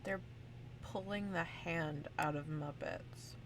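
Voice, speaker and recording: A woman's voice: low-pitched, slow pace, noisy background. A woman playing a tabletop game, chatting casually with giggly, joking asides. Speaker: player.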